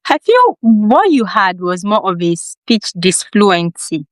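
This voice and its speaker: A woman's voice: medium pitch, sing-song, takes it slowly, dry recording, low-quality recording. A woman, a health educator and guest, giving earnest advice with occasional sound repetitions. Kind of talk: interview answers.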